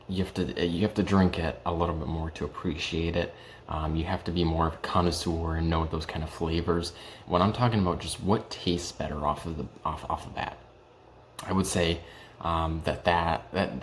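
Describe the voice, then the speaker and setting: A man's voice: sits low, slight background noise. A young man in his early twenties chatting casually in a home vlog, hesitant and full of ums and restarts. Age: young adult. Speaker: vlogger reviewing whiskey.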